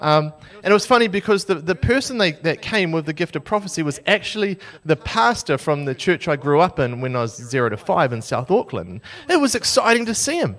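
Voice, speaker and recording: A young man from New Zealand preaching a sermon as a lively, self-mocking story. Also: a little high, a little fast, hardly any pauses.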